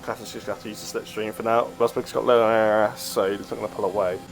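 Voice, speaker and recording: A man co-commentates a live sim race, calm and dry, with a matter-of-fact delivery. Faint music runs behind him. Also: on the low side, racing, poor audio.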